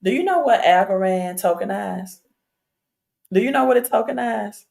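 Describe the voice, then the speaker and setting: At a normal speed and medium pitch, she speaks with vocal fry and a darkish tone. As a woman hosting a casual crypto livestream through a streaming setup, she talks straight to her audience, pressing them with fillers and repeated questions.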